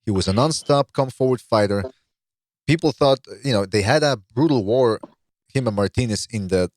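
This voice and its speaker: A man's voice: fairly low pitch, pushed and bright, no room sound. A man hosting a casual podcast, telling stories and building up to the punchline. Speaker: podcast host.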